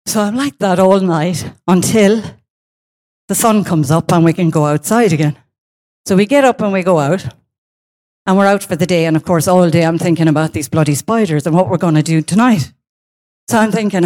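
Female presenter with a lowish voice, animated storyteller who plays out her own reactions. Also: a little fast. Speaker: speaker giving a presentation. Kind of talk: personal story told on stage.

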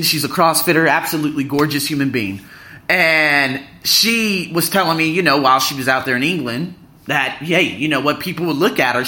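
A man's voice: on the high side, pushed and bright. A young adult man hosting a podcast, giving an emphatic, preachy motivational talk to a live audience and repeating phrases for effect. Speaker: podcast host.

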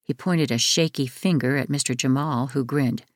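A woman narrating a memoir audiobook in a measured, even reading voice, close to a studio mic. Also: very deep voice, no echo.

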